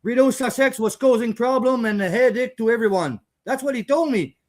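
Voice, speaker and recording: High-voiced male host, furious and foul-mouthed, broken grammar. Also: fairly quick. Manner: angry, profane, broken grammar. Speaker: channel host. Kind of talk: casual rant.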